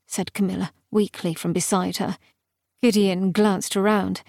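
A woman narrating a fantasy audiobook in a measured, even storytelling manner, close to the mic. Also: medium pitch, no room sound.

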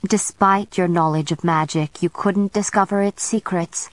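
Storybook: woman reads cool scornful witch captor, smooth, matter-of-fact, dry close sound. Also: medium pitch, animated, normal speed, no room sound, voice pushed up, natural voice. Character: scornful, self-assured female witch captor.

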